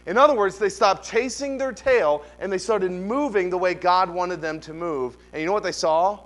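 Animated male pastor preaching a sermon. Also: high-pitched, normal speed. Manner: animated storytelling with rising emphatic questions.

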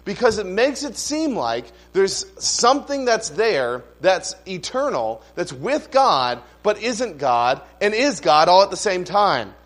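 A man preaching a sermon, explaining scripture in a conversational way with asides and humor, slowing down to stress key phrases. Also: high voice, very animated, fairly bright tone. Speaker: pastor.

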